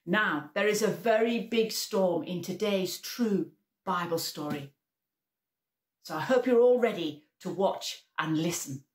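A woman leading a preschool worship session, telling a Bible story slowly and expressively for small children. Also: lowish voice, reverberant. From England.

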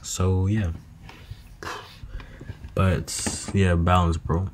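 A man's voice: deep voice, level tone, drawn-out words, background noise. A young man talking to himself late at night in a loose, meandering, slangy monologue that drifts into half-freestyled rhymes. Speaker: vlogger.

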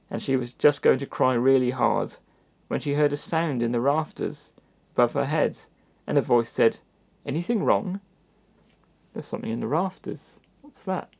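A man reading a children's storybook aloud in a gentle manner, with little asides to the listener. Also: medium pitch, vocal fry. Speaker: storybook reader.

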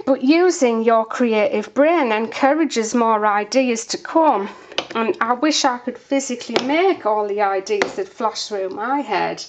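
A woman's voice: fairly high pitch, noisy background. A woman soap maker chatting casually through a demonstration, a bit out of breath, with lots of fillers. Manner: chatty, unhurried, many fillers.

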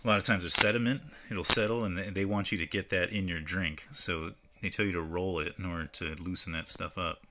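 Low-voiced man chatting through an unboxing. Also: steady tone, fairly quick, hardly any pauses, sharp tone. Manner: rambling, stops to read can labels aloud. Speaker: streamer. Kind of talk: casual live-stream unboxing chat. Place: at home.

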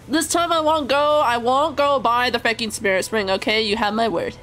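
A woman's voice: fairly high pitch, steady tone, moderate pace, few pauses, a bit bright, slight background noise. A woman streaming a game live, chatting with her viewers as she plays, swearing freely and laughing often. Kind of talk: live gameplay commentary.

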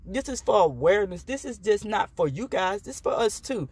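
A woman's voice: medium pitch, sing-song, a little fast, hardly any pauses, darkish tone, husky. A woman vlogger speaks straight into the camera in an impassioned rant. She is blunt and profane, mixing defiance with wry jokes. The sound is dry, with no room echo. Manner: defiant and joking by turns.

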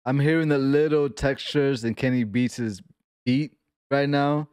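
A man from New York comments on music in a casual reaction video at a middle pitch. He gets excited quickly and stops to explain exactly what he means. His voice sounds dry and close, with no room echo. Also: clean tone.

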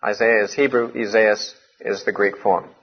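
A man's voice: fairly low pitch, fairly even intonation, normal speed. A man teaching from the Bible in a lecture, explaining earnestly and stressing key points. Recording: muffled lo-fi recording.

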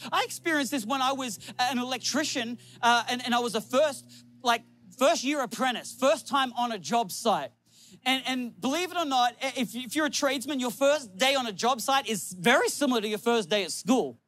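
A man preaching a sermon on a church stage, animated and laughing often, acting out little quotes from people. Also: very high-pitched, normal speed. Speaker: pastor.

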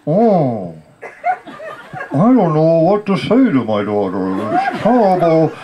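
A man voicing his elderly father as befuddled and earnest, pleading in a slow, halting way. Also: fairly high pitch, wildly swooping pitch, background noise, voice pushed up, heavily acted.

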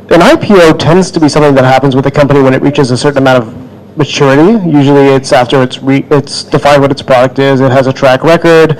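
A man on a panel answering a question, explaining quickly and informally. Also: on the high side, rough recording.

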